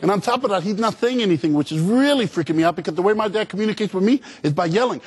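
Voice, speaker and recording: A man giving an energetic, humorous motivational speech to students, calling out to the crowd for answers. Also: high-pitched, racing, breathy edge. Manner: animated, humorous, call-and-response with audience. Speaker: motivational speaker.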